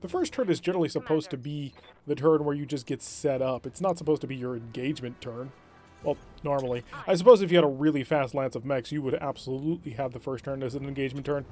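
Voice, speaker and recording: A man's voice: medium pitch, quick pace, a little mellow, soft background music. A man commentating his own strategy game session, thinking aloud and explaining tactics. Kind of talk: let's-play commentary.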